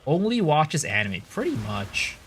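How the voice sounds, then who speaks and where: A man's voice: on the high side, huge pitch swings, measured pace, fairly bright tone, a little hiss or hum. An American man streaming, chatting casually, rambling through restarts and answering chat. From United States.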